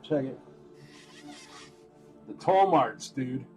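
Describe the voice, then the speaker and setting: A man's voice: mid-range voice, expressive, very slow, over music. Chatty man running a live auction. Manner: chatty and rambling, lots of "like" and "freaking". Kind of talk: casual live-stream auctioneering.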